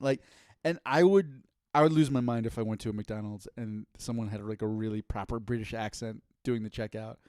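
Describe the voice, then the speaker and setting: A man co-hosting a podcast in casual chat, playful and quick to riff on jokes. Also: on the low side, steady tone, darkish tone, clear, resonant tone, no room sound. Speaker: podcast co-host.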